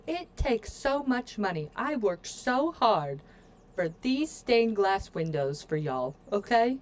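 A woman's voice: medium pitch, sing-song, slow. A woman streaming a video game, talking casually with her viewers in a playful, joking way and addressing the chat often. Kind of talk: casual let's-play commentary.

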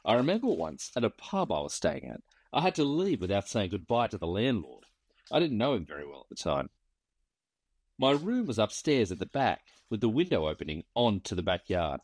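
Wry bushman yarn-spinner, read by a man, lively up and down delivery, dry close sound. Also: lowish voice, brisk, breathy edge, no room sound. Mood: drawling yarn. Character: weathered male bushman spinning yarns.

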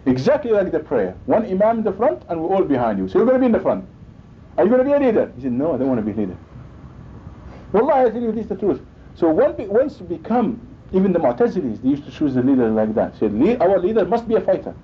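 High, lively-voiced male preacher. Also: quick pace. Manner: emphatic, acts out quoted dialogue. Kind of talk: sermon. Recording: dull lo-fi recording with faint rumble.

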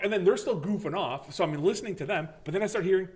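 A man's voice: high voice, racing. A man co-hosting a casual gaming podcast, telling a story with lots of swearing and acted-out reactions. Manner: animated storyteller, swears freely, acts out his own reactions. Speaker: podcast co-host.

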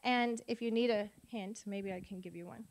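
A woman's voice: mid-range voice, normal speed. A woman at a conference workshop who leads the audience through spelling dictation, sounding words out syllable by syllable and asking them questions. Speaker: literacy teacher and conference speaker. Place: conference room before an audience.

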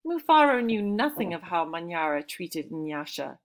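A woman reading a children's story aloud in a calm, measured way. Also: lowish voice.

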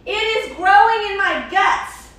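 A fretful storybook crocodile wails in a high, loud, slow voice, each line an alarmed exclamation, as a woman puts it on while reading aloud. The sound is very echoey and heard from some way off, with a faint hiss underneath. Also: animated, far from the mic, heavily acted. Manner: exclaiming, drawn-out. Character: panicky crocodile who swallowed a seed.

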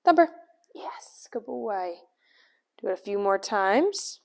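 A woman dog trainer with a mid-range voice and some vocal fry gives a casual demonstration indoors at home. She explains calmly between cheerfully calling the dog's name and giving quick praise, recorded by a camera at a distance.

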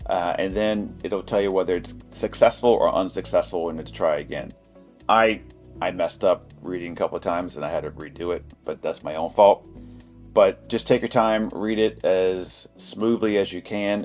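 Male reviewer host, low register, loose and conversational, tells little stories, soft music bed. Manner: chatty, anecdotal, loose and informal. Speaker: product reviewer. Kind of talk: casual product review.

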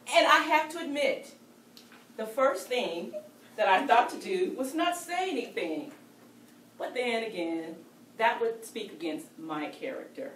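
A woman's voice: a little high, moderate pace, a little hiss or hum. Playful woman storyteller, distant mic in a roomy hall, faint background ambience. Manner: animated and playful. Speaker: storyteller at a speaking club. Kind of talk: told personal story.

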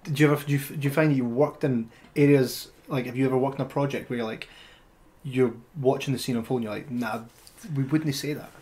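A man's voice: mid-range voice, fairly even intonation, fast, darkish tone. A Scottish man co-hosting a podcast, asking long, rambling questions in a casual chat. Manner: rambling questions, short agreeing replies. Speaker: podcast co-host.

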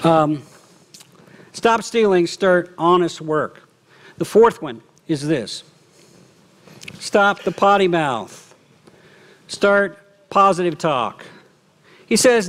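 A middle-aged man preaching a sermon as lead pastor, lively, often acting out quoted remarks. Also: on the high side, slow, long pauses. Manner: animated, acts out quoted speech. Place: church.

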